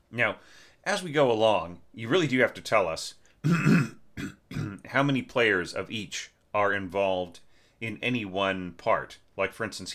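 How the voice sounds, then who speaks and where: A man teaching orchestration, talking through a student's score in a casual, conversational way with lots of fillers, while congested and clearing his throat. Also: low voice, fairly bright tone. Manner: conversational, many fillers and tag questions. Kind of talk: casual spoken score critique.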